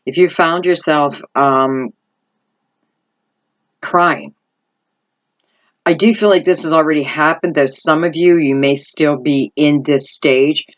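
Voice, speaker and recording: In a muffled recording, a low-voiced middle-aged woman works through an intuitive tarot reading. She rambles and thinks out loud, sprinkling in lots of "I feel like" remarks.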